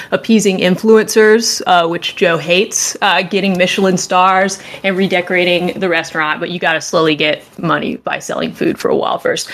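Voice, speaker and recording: Lively, joking woman host, slightly low voice. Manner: animated, joking, rambling and enthusiastic. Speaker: podcast host reviewing a game. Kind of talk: casual chat.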